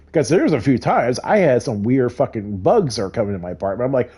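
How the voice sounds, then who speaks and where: A man's voice: mid-range voice, sing-song, brisk, mellow, slightly rough. A middle-aged man telling a heated, profane story in a casual rant while gaming. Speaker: gamer.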